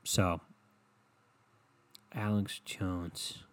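A man's voice: sits low, flat delivery, drawn-out words. A young man hosting a solo comedy podcast, rambling and swearing and laughing at his own jokes. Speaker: podcast host.

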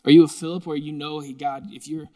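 A man preaching a sermon to a live congregation in a lively, joking, conversational way. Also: on the high side, fast talker. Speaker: pastor.

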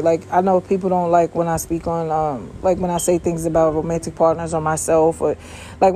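A woman's voice: lowish voice, mellow. A woman giving blunt, loosely rambling motivational talk outdoors on her porch, swearing freely as she chats. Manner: blunt, profane, loose and chatty. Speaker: vlogger. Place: outdoors on a home porch by water.

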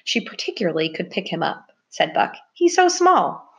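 A woman voicing a gentle, fond male white mouse, once a pet, speaking fondly and gently. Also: medium pitch, sing-song, normal speed.

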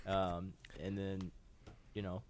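A man's voice: low voice, monotone, slow. A man co-hosting a casual podcast, telling a profane story and laughing a lot. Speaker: podcast co-host.

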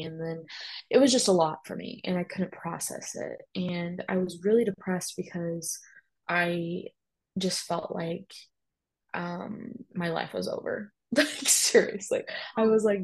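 A woman's voice: lowish voice, unhurried, breathy edge, poor audio. A young woman telling a personal story in a chatty way, full of "like" and emphatic asides. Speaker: guest sharing a personal story.

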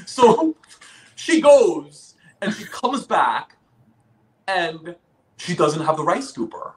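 High, lively man telling stories. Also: slow pace. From South Korea. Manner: laughs often while telling stories. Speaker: guest. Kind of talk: casual storytelling.

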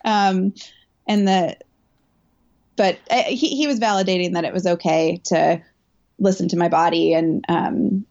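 A woman's voice: on the low side, steady tone, normal speed, gravelly, mellow, lo-fi sound. A woman runner and coach recounting a race in an interview, talking in a candid, emotional way full of fillers and restarts. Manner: chatty, filler-heavy, emotional retelling. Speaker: elite marathon runner and coach.

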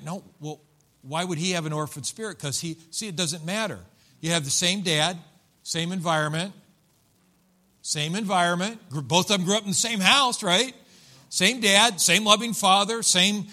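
A man's voice: sits high, pushed and bright. A man preaching a sermon, retelling a story and acting out the quoted voices with animation. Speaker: pastor.

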